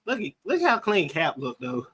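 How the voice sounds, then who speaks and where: Brief: male host, relaxed chat, raised pitch, stammers. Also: moderate pace, slightly rough. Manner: stammering, laid-back. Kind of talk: casual banter.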